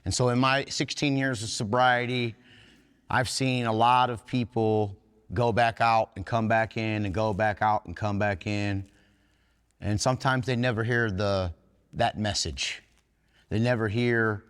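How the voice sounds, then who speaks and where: A man's voice: fairly low pitch, normal speed, fairly bright tone. A man giving an earnest, plain-spoken talk at a recovery workshop, folksy and blunt with some cursing. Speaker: workshop speaker in recovery fellowship. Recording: long hall reverb.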